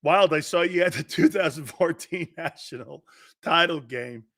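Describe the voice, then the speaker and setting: A man in his fifties hosts a sports talk show, chatting casually and joking as he reads viewer comments. His voice sits a little high and has a bright, pushing edge. He laughs easily and keeps the energy animated. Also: moderate pace. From northeastern United States. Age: 50s.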